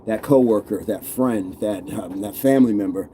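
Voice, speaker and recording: A man's voice: lowish voice, moderate pace, warm tone, slight background noise. A man coaching a live-streamed workout, counting reps aloud and encouraging viewers while chatting with the live chat. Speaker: fitness coach.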